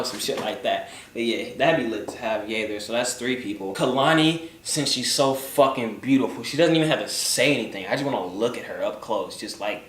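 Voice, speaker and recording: A man's voice: mid-range voice, fairly quick, few pauses. A young man answering viewer questions in a loose, joking vlog chat, often swearing and trailing off into mumbles. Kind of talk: casual chat. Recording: roomy, from a distance, faint background noise.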